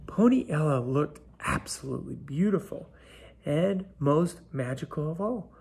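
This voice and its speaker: A man reading a children's picture book aloud, unhurried, often dropping to a whisper. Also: on the high side, animated, creaky, a little mellow, slightly rough. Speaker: storybook reader. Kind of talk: children's story read aloud.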